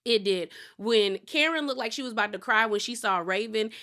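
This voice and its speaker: Recap host, woman, bright forward tone, animated and chatty, laughs a lot. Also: on the high side, brisk. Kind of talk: casual reality TV recap.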